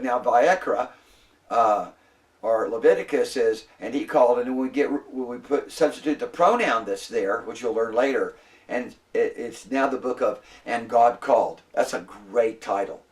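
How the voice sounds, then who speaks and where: A man's voice: mid-range voice, moderate pace, distant mic. A man lecturing a classroom as a Hebrew instructor, patient and repetitive, often prompting the students to answer.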